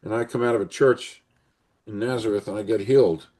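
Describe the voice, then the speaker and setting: An older man hosts a conversation and slips into a long, earnest personal story, circling back and repeating himself as he goes. His voice sits a little low. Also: fairly even intonation, brisk, mellow. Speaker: podcast host.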